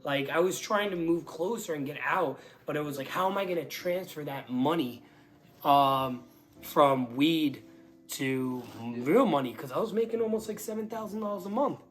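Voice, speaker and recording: A man's voice: fairly high pitch, moderate pace. Young guy telling his story, lots of like and um, gets fired up, faint music under it. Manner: rambling storytelling full of "like" and restarts; relives moments with bursts of excitement. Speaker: guest giving a testimony. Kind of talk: casual spoken testimony.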